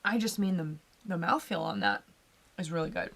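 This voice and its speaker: A woman's voice: on the low side, big pitch swings, moderate pace, gravelly, fairly bright tone. A woman co-hosting a live whiskey tasting, chatting casually and laughing often. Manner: chatty, talks over her co-host, laughs often. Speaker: co-host of a whiskey tasting livestream. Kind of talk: casual chat.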